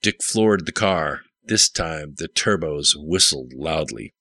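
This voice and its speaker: Deep-voiced male audiobook narrator. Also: expressive, takes it slowly, sharp tone, dry recording. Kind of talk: scripted narration.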